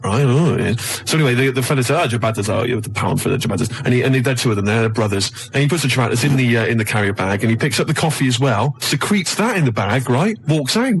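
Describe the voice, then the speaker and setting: Fast-talking English man spinning a rambling yarn. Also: mid-range voice, expressive, slight background noise. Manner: rambling storyteller, puts on voices of people in the story, says "right?" often. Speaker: radio guest telling a story. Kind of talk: comedic anecdote on radio chat show. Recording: radio broadcast studio.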